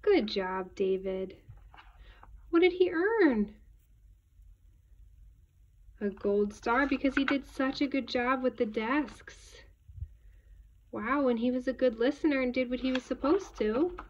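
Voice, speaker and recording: A woman reading a children's picture book aloud, animated and stopping to ask young listeners questions. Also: high voice, unhurried, distant mic, a little hiss or hum. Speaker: storybook reader for children. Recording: dull lo-fi recording.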